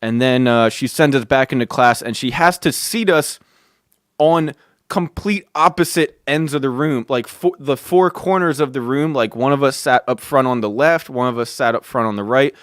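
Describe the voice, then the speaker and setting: A man hosting a podcast, telling a story in a casual, excitable way, swearing and calling the listener "dude" again and again. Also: medium pitch, moderate pace, clear, resonant tone, no room sound, studio quality. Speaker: podcast host.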